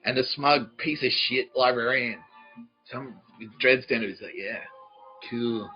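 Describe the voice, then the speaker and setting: A man's voice: medium pitch, measured pace, muffled recording, faint music behind. A man hosting a podcast, telling a profane comic story in a ranting voice and laughing at his own jokes. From Australia. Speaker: podcast host.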